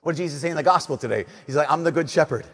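Young male preacher, slightly high, husky voice, animated sermon in a hall with long reverb. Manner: animated storytelling, shifting between loud emphasis and soft slow delivery. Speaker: Catholic priest.

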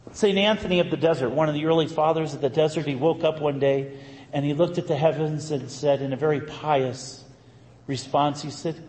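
A man, a Catholic priest, telling a story in a sermon with a lively, conversational manner and emphatic bursts. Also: on the high side. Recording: echoey hall, faint ambience.

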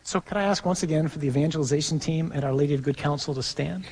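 A man's voice: on the high side, fast, darkish tone, a little hiss or hum. A man, a priest, preaching emphatically to a congregation and then leading them in a recited prayer, in a church. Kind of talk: sermon. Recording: reverberant church hall.

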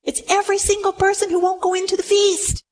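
High-voiced woman preaching dramatically. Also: little pitch movement, fast, darkish tone, slight background noise. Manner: dramatic, acts out the quoted lines. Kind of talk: sermon. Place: room with a gathered audience.

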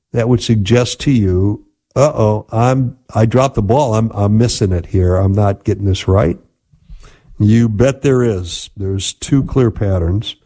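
A man's voice: lowish voice, warm tone. Male radio host, marriage counselor tone, earnest teaching delivery. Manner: earnest, teaching, repeats key phrases. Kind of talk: radio advice talk.

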